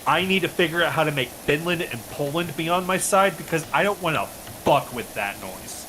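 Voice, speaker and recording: A man's voice: a little high, lively intonation, brisk, noisy background. A man chatting casually while gaming on a stream. He is rambling and opinionated, and he swears freely. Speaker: streamer co-host.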